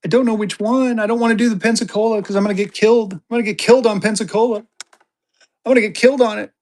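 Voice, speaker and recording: A live online auction seller doing fast sales patter, repeating phrases and getting excitable as bids come in. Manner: excitable, voice jumps high when bidding heats up; rapid hype with repeated phrases.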